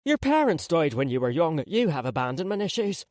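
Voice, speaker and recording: A man voicing a sharp-tongued, wry and bossy old grandmother in an audiobook. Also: on the high side, sing-song, a little fast, dry recording, clean studio sound, voice pushed up. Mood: blunt.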